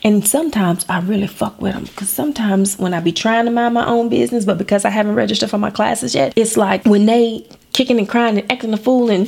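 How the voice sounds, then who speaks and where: A woman's voice: mid-range voice, fairly quick, gravelly, hardly any pauses, a little mellow, husky. A woman doing brash, profane stand-up storytelling, slipping into voices as she goes. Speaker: stand-up comedian.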